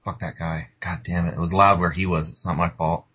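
A man hosting a radio show who makes crude, mocking prank calls in a deadpan tone. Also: sits low, fairly quick, breathy edge. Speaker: radio host and prank caller. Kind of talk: prank phone call and radio banter. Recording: lo-fi radio recording.

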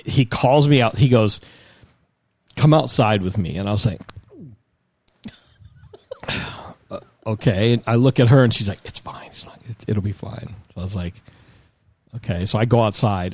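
Low-voiced man telling a rambling story. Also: darkish tone, no room sound. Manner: rambling, self-mocking, quick asides. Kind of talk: casual chat, comic storytelling.

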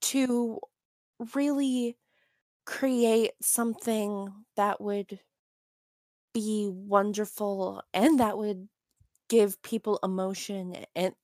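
A young woman in casual chat about a TV episode, making measured, thoughtful remarks. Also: medium pitch, fairly even intonation, darkish tone, no echo, clean studio sound.

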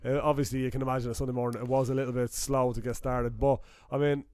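A man's voice: medium pitch, little pitch movement, fast, darkish tone, clear, resonant tone, no echo. A man, casually chatting as a podcast host and telling stories with lots of fillers. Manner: chatty storyteller, many fillers, laughs easily. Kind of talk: casual chat.

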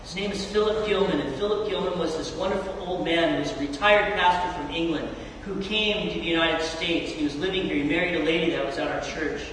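A middle-aged man preaching a sermon, telling stories with a voice that surges high and loud, then drops soft. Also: a little fast, few pauses, a little hiss or hum. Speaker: youth pastor. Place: large church hall. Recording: echoey hall from far off.

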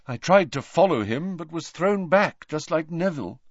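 A man voicing a calm adult teacher figure who speaks firmly. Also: fairly high pitch, normal speed, no room sound, dull audio, pitched above the performer's own voice. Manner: firm.

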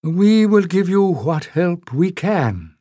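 A man's voice: sits high, very animated, slow pace, mellow, no room sound, clean studio sound, voice pushed up, exaggerated voice. A man doing an ancient, scheming male piper. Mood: urging. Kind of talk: audiobook character voice.

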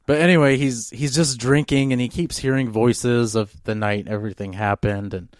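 On a podcast, a male co-host relates a long story in a loose, wandering manner, full of fillers and fresh starts. He has a medium pitch and steady tone at normal speed, with clean studio audio and no echo.

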